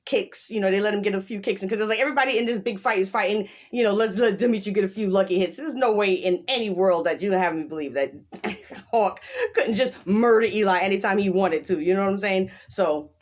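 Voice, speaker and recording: A woman chatting casually as she recaps a show, animated and emphatic, breaking into quick quoted voices and frequent laughs. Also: medium pitch. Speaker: show reviewer.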